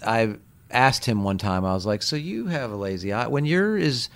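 A man's voice: mid-range voice, very animated. A man in casual podcast conversation who stops and restarts his sentences as he thinks aloud. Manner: halting, restarts a lot while thinking aloud.

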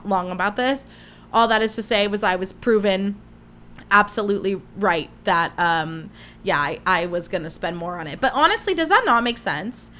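A woman's voice: mid-range voice, a bit bright, slight background noise. Chatty young woman gushing through stories. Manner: chatty, gushing storyteller who acts out quotes. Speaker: podcast host. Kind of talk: casual solo podcast chat.

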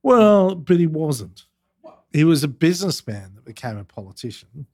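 A man's voice: fairly high pitch, very animated, moderate pace, a little mellow. Chatty Australian man telling anecdotes. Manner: anecdotal storyteller, chatty, with many fillers. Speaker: guest, former politician and diplomat. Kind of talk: conversational interview.

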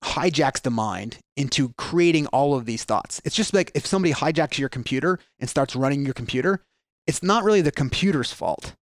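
On a casual podcast, a mindset guest with a mid-range voice talks fairly quickly through his ideas. His storytelling is animated, full of acted-out quotes and frequent restarts, and the studio recording is clean with no echo.

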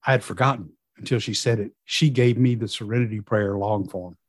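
A man's voice: fairly low pitch, fairly quick, slightly rough, no room sound. Middle-aged male guest; vivid personal storytelling, quotes others in voice; dead-dry mic. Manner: lively storyteller, acting out quoted dialogue. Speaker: guest in recovery.

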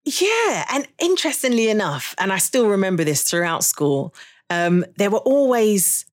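A woman in a relaxed podcast interview, recalling her past with a thoughtful, storytelling manner. She speaks at a middle pitch and laughs easily between her memories. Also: normal speed. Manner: warm, reflective storytelling with frequent laughs. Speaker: podcast guest, jazz saxophonist. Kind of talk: conversational interview.

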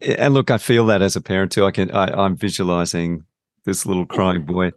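Deep-voiced man hosting a podcast. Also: steady tone, dry recording, studio quality. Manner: reflective, measured, with hesitations. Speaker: podcast host. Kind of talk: interview conversation.

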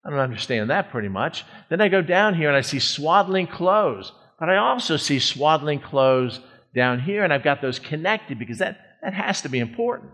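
A man's voice: a little high, animated, moderate pace, fairly bright tone. Folksy middle-aged man preaching a sermon. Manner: conversational, folksy preaching with emphatic stretched words. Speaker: pastor.

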